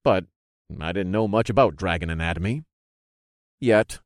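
A man narrating a first-person fantasy audiobook with expressive storytelling. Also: low voice, moderate pace, no room sound, clean studio sound.

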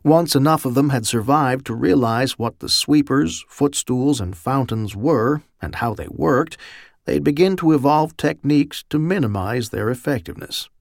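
A man giving steady, measured audiobook narration on a close studio mic. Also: medium pitch, vocal fry, no room sound.

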